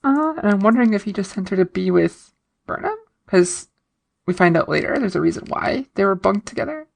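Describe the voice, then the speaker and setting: A woman with a gravelly, fry-laden voice co-hosts a casual podcast, recapping an episode in a chatty, easygoing way. She laughs readily as she talks. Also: mid-range voice, lively intonation, a little fast. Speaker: podcast co-host.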